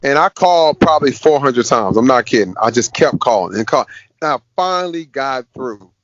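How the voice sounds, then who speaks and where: A man, a fighter being interviewed, telling stories in a casual, lively way. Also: medium pitch, normal speed, no room sound. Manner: lively storyteller, acts out quoted voices. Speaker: MMA fighter guest. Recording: dull dry podcast audio.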